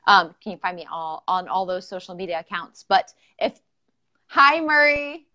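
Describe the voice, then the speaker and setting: A woman's voice: fairly low pitch, fairly even intonation, fairly quick, bright, forceful tone. Bubbly chatty woman hosting a live podcast. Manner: bubbly, chatty, filler-heavy. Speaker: podcast host. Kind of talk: informal live-streamed interview.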